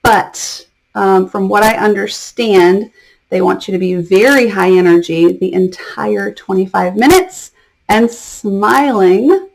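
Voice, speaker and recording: A woman's voice: mid-range voice, darkish tone. A woman who teaches English online gives casual advice to other teachers in a friendly, chatty way. She stresses key words and often checks in with "okay?". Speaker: online ESL teacher and mentor.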